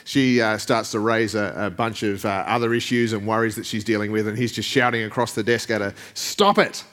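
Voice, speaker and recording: A man's voice: lowish voice, little pitch movement, fairly quick, fairly bright tone. A male pastor preaching a sermon in a casual, joking way, often chuckling.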